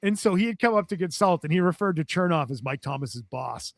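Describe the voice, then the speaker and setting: A man's voice: on the high side, brisk, vocal fry, no echo, studio quality. A man guest on a podcast telling a story in casual chat, laughing often and acting out what others said. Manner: animated storyteller, laughs often, acts out quotes.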